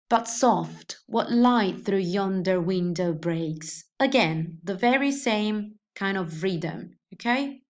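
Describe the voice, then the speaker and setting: A woman giving a video lesson in an explanatory teaching manner, her voice sitting at an ordinary middle pitch. She works through ideas step by step with small restarts. She reads lines of verse slowly to mark out their rhythm. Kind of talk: educational video lecture.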